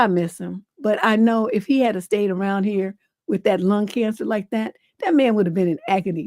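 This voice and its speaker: A woman's voice: mid-range voice, a little mellow, dry recording, studio quality. A middle-aged woman hosting a livestream advice show, reading a viewer's letter and then giving frank, folksy advice. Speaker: relationship advice host.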